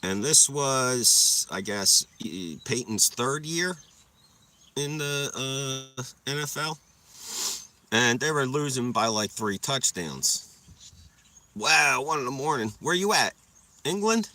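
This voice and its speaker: A young man livestreaming and spinning rambling stories to his viewers, swearing freely and laughing at his own tales. His voice is bright and forceful, and his pitch swings widely. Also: animated, slow pace. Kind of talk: casual storytelling.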